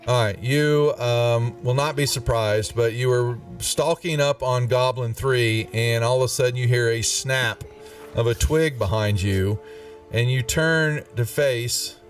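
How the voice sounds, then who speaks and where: A man's voice: medium pitch, distant mic. A man running a live tabletop game as game master, in a chatty, laugh-prone way. His voice sits in an average register and is heard from a little way off the mic. Faint music plays underneath. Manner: chatty, laughs often, halting with fillers and restarts.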